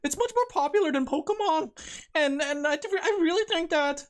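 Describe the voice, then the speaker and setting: A man's voice: very high-pitched, moderate pace, pitched above the performer's own voice. A man putting on the voice of a nervous, nerdy young gamer who stammers and fumbles his words. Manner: stammering, awkward, full of filler.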